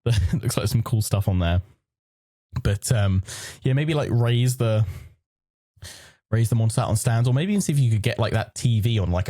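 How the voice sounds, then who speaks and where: A man from the UK talks through desk setups with a co-host, rambling and playful, stopping and restarting as he thinks aloud. His voice sits fairly low. The sound is dry and close to the mic. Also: warm tone, no room sound. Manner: rambling, self-interrupting, playful. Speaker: podcast co-host. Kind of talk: casual chat reviewing desk setups.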